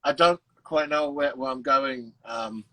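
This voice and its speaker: A man's voice: mid-range voice, a little slow, a bit bright, no echo, lightly acted. A man putting on a British accent as a flustered young tourist, hesitant and fumbling. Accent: British, put on.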